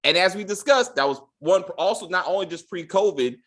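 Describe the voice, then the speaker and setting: A man hosting a casual review show, talking in an animated, profane way. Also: high voice, fairly quick. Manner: animated, profane, quotes characters in put-on lines. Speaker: podcast host reviewing a TV episode. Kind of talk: casual chat.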